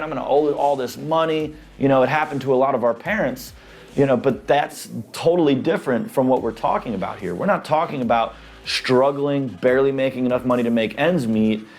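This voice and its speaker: Commenting on a video clip that's being played, a business credit commentator walks through a point step by step in a casual way, checking in with "right?". His voice is mid-range and darkish.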